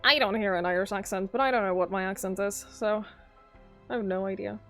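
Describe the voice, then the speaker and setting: A woman's voice: mid-range voice, fairly even intonation, fairly quick, a bit bright. A young Norwegian woman streaming live and chatting with her viewers in a rambling, easygoing way, often laughing. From southern Norway. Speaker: livestreamer. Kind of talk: casual chat with viewers. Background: faint background music.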